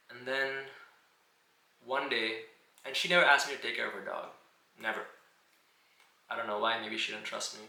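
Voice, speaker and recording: Man, personal storytelling, reflective, gravelly low voice, bright edge, roomy echo. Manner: reflective, unhurried, circles back with "and again". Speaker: video diarist. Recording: roomy echo, faint background hiss.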